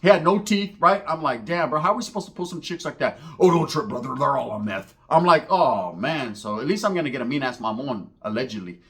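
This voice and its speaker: A man's voice: mid-range voice, a little fast, few pauses. A man telling a profane comedic street story, acting out the voices of the people in it. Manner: animated, profane, slangy, acts out voices in the story.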